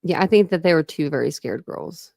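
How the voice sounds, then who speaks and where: Gravelly true crime host on a live stream, chatting loose and reading comments, dry close sound. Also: medium pitch, lively intonation, a little fast, a little mellow, no echo.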